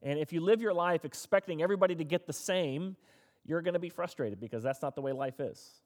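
A man's voice: fairly high pitch, brisk, darkish tone. A man preaching a conversational sermon who acts out quoted complaints in a raised voice. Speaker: pastor. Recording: long hall reverb.

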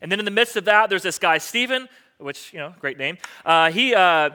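A male pastor with a high, bright voice, preaching to his congregation. He talks conversationally, dropping to hushed asides and then rising to emphatic points. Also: expressive, moderate pace, clean tone. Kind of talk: sermon.

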